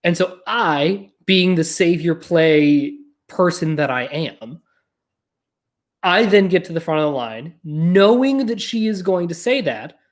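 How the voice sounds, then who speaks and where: A podcast host with a mid-range voice talks slowly and casually, telling animated stories loaded with fillers, especially "like." The host is chatty and blunt and swears now and then.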